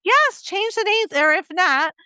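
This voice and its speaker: A woman's voice: very high-pitched, expressive, measured pace, sharp tone, dry recording. A middle-aged woman co-hosting a podcast, chatting with enthusiasm and laughing often. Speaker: podcast co-host. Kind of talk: casual chat.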